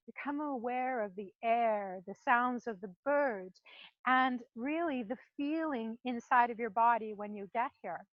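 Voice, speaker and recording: A woman leading a volunteer training demonstration at a farm sanctuary, animated and laughing often as she explains. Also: high-pitched, dry recording, lo-fi sound. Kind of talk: instructional demonstration.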